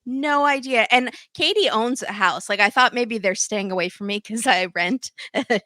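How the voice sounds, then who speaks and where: Podcast guest, woman, bright tone, joking banter, dry sound. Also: a little high, normal speed, no room sound. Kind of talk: casual podcast chat.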